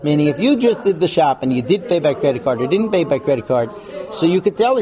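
Speaking fast in a voice on the high side, a man leads a live class about marriage, being frank and animated as he mimics couples in put-on voices. Audience noise from the room comes through the recording.

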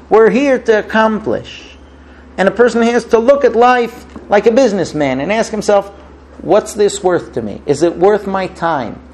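A man's voice: high-pitched, a little mellow, slight background noise, rough recording. A man giving a religious talk, telling a parable and acting out its dialogue with rising emotion. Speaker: rabbi. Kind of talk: sermon with a parable.

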